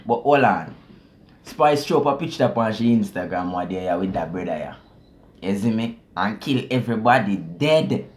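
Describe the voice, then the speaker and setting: Animated Jamaican man talking casually. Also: on the low side. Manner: animated, explains lyrics in patois, chuckles often. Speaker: reaction video host. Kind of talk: casual commentary.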